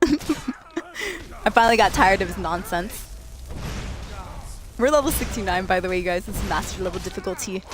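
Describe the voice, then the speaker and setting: A woman's voice: medium pitch, normal speed, pauses often, noisy background. A woman game streamer chatting casually to her viewers, laughing often and talking straight to them. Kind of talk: casual live-stream chat.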